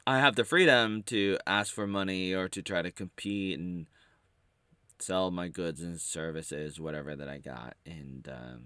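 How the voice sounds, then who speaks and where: A man talking to camera in a casual, rambling monologue, halting and full of playful wordplay. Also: low-pitched, pushed and bright, clear, resonant tone, no room sound, studio quality. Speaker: vlogger.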